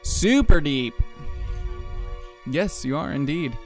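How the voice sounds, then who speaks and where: A man's voice: expressive, takes it slowly, soft background music. Upbeat man plugging merch on a stream. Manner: upbeat, pitchman-like plugs and thanks to viewers. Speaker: stream co-host filling in. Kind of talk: casual stream chat and promos.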